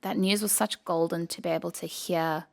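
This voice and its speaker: A woman from South Africa, a podcast guest, telling a personal story with emotion and many pauses. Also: fairly low pitch, steady tone, vocal fry, darkish tone.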